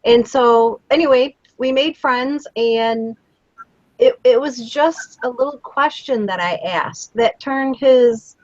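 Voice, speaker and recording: A woman's voice: on the high side, slow pace, dry recording, lo-fi sound. A woman co-hosting a casual live show, telling stories and encouraging kindness in an earnest way. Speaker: co-host of a daily live show. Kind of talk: casual live-stream chat.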